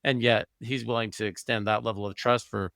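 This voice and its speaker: A man's voice: fairly low pitch, fairly even intonation, brisk, vocal fry, fairly bright tone, dry recording, clean studio sound. A man hosting a podcast for doctors, responding conversationally and reflectively to his guest. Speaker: podcast host, physician. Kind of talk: conversational interview.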